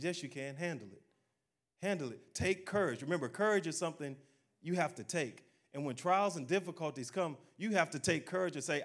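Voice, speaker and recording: With a slightly high voice, lively intonation, and a somewhat fast pace, this pastor preaches in a folksy, chatty manner. He exhorts his listeners in call-and-response style, shouting "amen" and acting out quotations.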